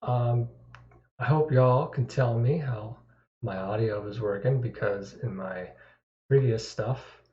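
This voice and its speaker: A man's voice: medium pitch, slow pace, a little hiss or hum. A man chatting casually on his live stream, rambling with self-deprecating asides and chuckles. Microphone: desktop microphone. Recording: echoey, dull lo-fi sound.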